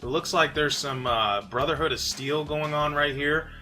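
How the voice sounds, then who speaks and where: Chatty bright-voiced man commenting on a game. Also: on the high side, moderate pace. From New York. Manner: relaxed, chatty, frequent fillers. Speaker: channel host. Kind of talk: casual gaming commentary.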